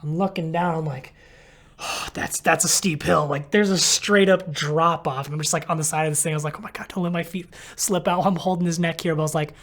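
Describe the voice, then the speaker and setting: A man's voice: a little high, steady tone, a little fast, fairly bright tone. A man, a physical therapist, casually retelling a story and filling it with "like" while acting out his own thoughts. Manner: rambling, heavy on "like", acts out his own thoughts.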